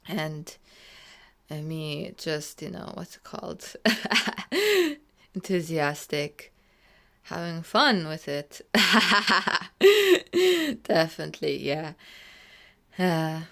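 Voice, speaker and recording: Woman, casual vlogger, lowish slow delivery, giggly and rambling, swings between excited and hushed. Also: creaky. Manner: giggly, rambling, frequent bursts of laughter; drifts between loud excited and quiet murmured asides. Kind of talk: casual vlog commentary over her own night video.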